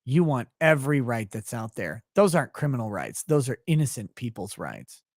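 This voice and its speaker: A man's voice: mid-range voice, sing-song, moderate pace, no room sound. Guy rambling on his stream, swears a lot, dry close sound. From Minnesota, USA. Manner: profane, rambling, laughs often. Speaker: livestream host reading chat. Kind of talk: casual livestream chat.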